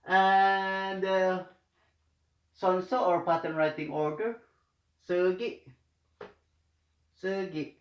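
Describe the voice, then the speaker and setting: A man teaching the Korean alphabet, speaking haltingly with many pauses and repeated words. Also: high voice, fairly even intonation. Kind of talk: hesitant spoken tutorial. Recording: echoey room.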